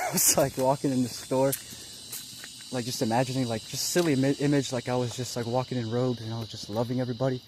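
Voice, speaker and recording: A young man recounts a spiritual experience in a loose, casual way, excited and rambling, with lots of fillers and slang. His voice sits at an ordinary middle pitch, with a faint hiss of background noise behind him. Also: fast. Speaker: vlogger.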